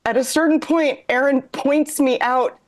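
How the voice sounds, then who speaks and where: A woman's voice: sits high, fairly even intonation, measured pace. A woman co-host telling a rambling, self-deprecating comedic story, often laughing through her lines.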